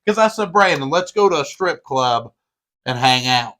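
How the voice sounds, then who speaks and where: A man's voice: a little high, lively intonation, moderate pace, bright, forceful tone. A man in his thirties co-hosting a podcast, joking crudely in a boisterous, casual way. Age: 30s. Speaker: podcast co-host.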